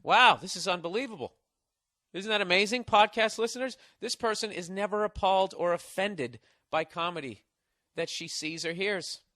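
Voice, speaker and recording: A man's voice: high-pitched, normal speed, sharp tone, dry recording, clean studio sound. A man hosting a podcast, delivering a sarcastic, mocking and profane comedic monologue. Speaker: podcast host.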